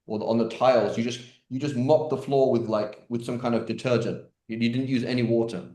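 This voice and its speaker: A man's voice: medium pitch, steady tone, brisk, warm tone. A man teaching an online question-and-answer class in a chatty, joking way, with many fillers and restarts. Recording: roomy echo.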